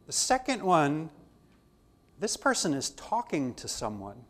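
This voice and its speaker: A man's voice: fairly high pitch, huge pitch swings, measured pace, fairly bright tone. A man teaching a theology class, talking conversationally and acting out dialogue from his own stories. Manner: conversational, acts out dialogue in anecdotes. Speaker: theology lecturer.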